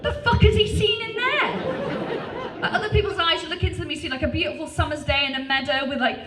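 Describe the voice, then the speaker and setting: A woman's voice: extremely high pitch, fast talker, pushed and bright. A woman performing a stand-up comedy set on a club stage, brash and punchy, swearing freely between bursts of crowd laughter. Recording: roomy live venue, distant, crowd laughter.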